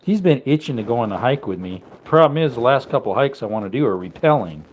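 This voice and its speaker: A man's voice: medium pitch, lively intonation, fast, a little hiss or hum. A man vlogging from his home kitchen in a rambling casual chat, wandering between topics and talking to his dogs.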